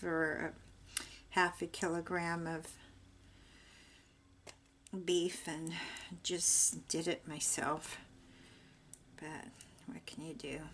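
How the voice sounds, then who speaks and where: A woman's voice: fairly low pitch, slight background noise. An older woman chatting in a rambling, homey way while she works on a craft project. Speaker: craft vlogger.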